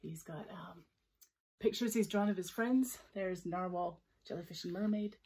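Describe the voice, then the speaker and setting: A woman's voice: lowish voice, moderate pace, slightly rough, rough recording. A woman reading a children's picture book aloud with chatty asides about the pictures. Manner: lively, expressive. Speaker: storyteller.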